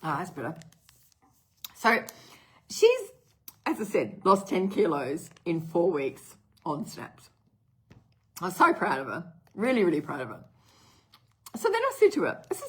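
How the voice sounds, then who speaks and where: A woman's voice: lowish voice, very animated, moderate pace, pauses often, husky. A middle-aged woman with a cough, rambling casually with lots of fillers as she tells a story to camera. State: has a cough. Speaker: brand partner telling a customer story.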